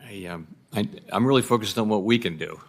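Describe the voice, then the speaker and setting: A man testifying as a central bank chairman at a hearing, answering in a halting, cautious, hedging way into a desk microphone. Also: on the low side.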